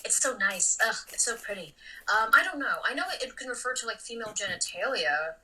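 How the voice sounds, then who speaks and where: Bright, animated woman comedian. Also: fairly high pitch, fairly quick, distant mic, rough recording. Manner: blunt, animated, swings between loud and muttered. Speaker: comedian guest. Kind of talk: casual podcast conversation.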